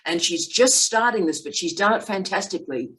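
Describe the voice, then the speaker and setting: A woman's voice: mid-range voice, expressive, a little fast, a bit bright, rough recording. A middle-aged woman hosting an academic chat, praising her PhD student in an effusive, emphatic way. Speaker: vlog host and PhD supervisor. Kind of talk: casual academic conversation.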